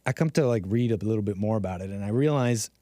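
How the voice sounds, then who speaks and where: A man's voice: on the low side, fast talker, warm tone, no echo, studio quality. A man hosting a casual commentary stream, rambling with frequent restarts and laughing at his own asides. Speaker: host.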